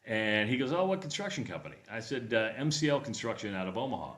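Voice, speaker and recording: A man's voice: fairly low pitch, sing-song, fast talker, a bit bright, reverberant. A man co-hosting a radio show, telling a travel story in casual chat and acting out the voices of people he quotes. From Nebraska.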